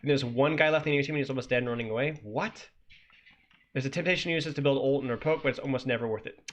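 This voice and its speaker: A man's voice: medium pitch, quick pace, muffled recording. A man coaching as he reviews a gameplay guide on stream, ranting and critiquing with sudden incredulous outbursts.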